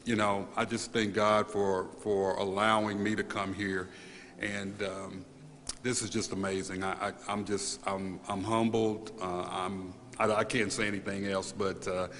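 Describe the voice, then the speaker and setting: A man speaking as a newly named police chief at a press conference, halting and earnest, repeating words and choked up with emotion. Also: fairly low pitch, little pitch movement, a bit bright. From United States. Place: large hall at a press event. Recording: reverberant hall, faint room noise.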